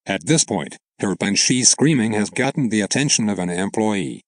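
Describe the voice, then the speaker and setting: A man's voice: on the low side, expressive, moderate pace, dry recording. A man narrating an online story aloud in a plain, matter-of-fact way.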